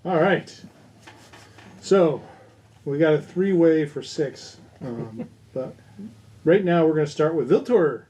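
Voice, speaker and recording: A man running a tabletop game as game master, talking in an unhurried way with plenty of fillers. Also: a little high, lively intonation, dark tone, muffled recording. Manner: unhurried, hesitant, with many fillers.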